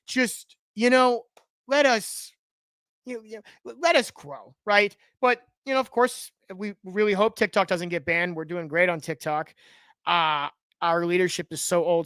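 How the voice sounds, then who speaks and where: Host type, smooth clear voice, dry close sound, jokey asides, breaks off mid-thought. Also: mid-range voice, fairly bright tone, no room sound. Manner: joking asides, teases and self-interrupts. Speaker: show host. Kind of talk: live show chat with sponsor plugs.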